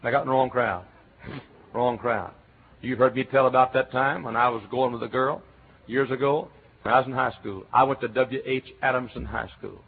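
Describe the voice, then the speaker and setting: A middle-aged man from Texas with a Texan accent, preaching a sermon as a pastor, telling stories and breaking into shouts. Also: mid-range voice, normal speed, creaky, slight background noise. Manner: animated storytelling, bursts into shouts and chants. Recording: tinny phone-like recording.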